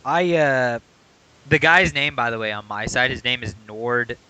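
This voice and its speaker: A man's voice: mid-range voice, unhurried, bright, forceful tone, clear, resonant tone, poor audio. A man co-hosting a podcast, chatting casually and walking through how a video game works. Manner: explanatory, walks through game mechanics. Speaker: podcast co-host.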